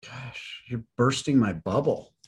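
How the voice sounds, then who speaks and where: A man's voice: medium pitch, slow, a little mellow, slightly rough. A man co-hosting a casual podcast chat. He chimes in with wry, jaded jokes and pokes fun at himself in a loose, conversational way. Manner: wry, jokey, self-deprecating. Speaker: podcast co-host.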